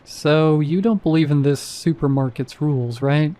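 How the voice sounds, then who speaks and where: A man doing a flat, bored security guard. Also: a little high, moderate pace, natural voice. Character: apathetic male night security guard.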